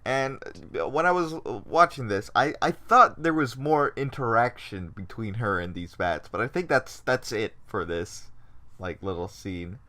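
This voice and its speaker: A man's voice: medium pitch, lively intonation, measured pace, sharp tone. A man co-hosting a casual podcast, animatedly retelling scenes and acting out quotes. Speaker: podcast co-host. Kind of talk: casual chat.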